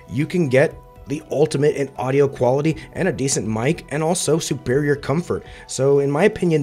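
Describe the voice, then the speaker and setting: A man of ordinary pitch talks through a gaming headset boom mic, his voice still worn from a recent cold. He sounds frank and sure of his opinions as he reviews gear, with faint music underneath. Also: a little mellow. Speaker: tech reviewer, channel host.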